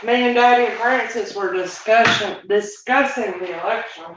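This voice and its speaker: A vlogger chats folksily with her live-stream viewers while cleaning at home, sounding a little out of breath. Her voice is fairly high and a bit bright, at a moderate pace, with a little hiss or hum. She has set her phone down indoors and moves around it, so the audio comes across roomy and dull.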